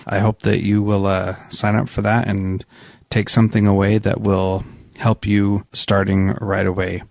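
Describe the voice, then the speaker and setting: Gravelly low-voiced male podcast host. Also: a little mellow, no room sound. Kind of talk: interview podcast.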